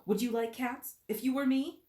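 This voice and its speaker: A woman voicing a shrill, frightened, touchy mouse in a storybook reading. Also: fairly even intonation, normal speed, mellow, natural voice. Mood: indignant. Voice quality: shrill, passionate. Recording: roomy echo.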